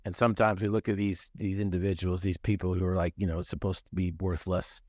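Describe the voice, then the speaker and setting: Earnest low-voiced middle-aged man. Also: little pitch movement, a little fast, darkish tone, no room sound, studio quality. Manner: earnest, emphatic, repeats phrases for effect. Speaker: motivational speaker telling his story. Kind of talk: personal storytelling in a conversation.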